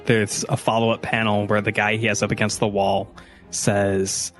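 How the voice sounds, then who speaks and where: A man's voice: fairly low pitch, flat delivery, normal speed, faint music behind. A man narrating a tabletop game as game master, telling the story casually with filler words.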